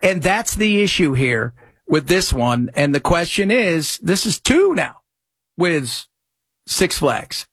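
A male talk radio host with a husky voice, chatting in a rambling, animated way and reading ads quickly. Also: a little high, no room sound, clean studio sound. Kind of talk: casual talk radio commentary.

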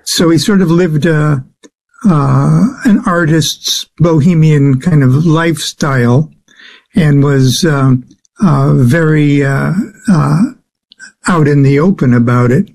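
A man answering interview questions as a guest, speaking haltingly with many filler sounds. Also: a little high, gravelly, darkish tone. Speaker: guest expert on the occult.

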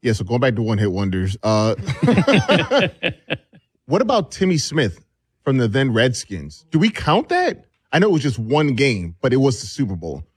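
Brief: male radio crew member, husky lively voice, dry studio, tosses out trivia. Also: medium pitch, normal speed, no echo. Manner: chimes in with sports trivia. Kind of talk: casual sports talk.

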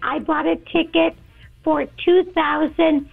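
Woman caller, hoarse morning voice, gravelly, very high, tinny phone line. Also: little pitch movement, slow, a crowd in the background. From Western Pennsylvania. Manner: chatty, hesitant with fillers. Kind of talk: phone-in chat.

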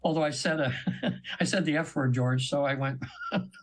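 A man's voice: fairly high pitch, normal speed, low-quality recording. A man in his seventies, a radio guest, telling long stories in a casual, rambling way with many fillers and restarts. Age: 70s. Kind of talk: casual storytelling on a radio show.

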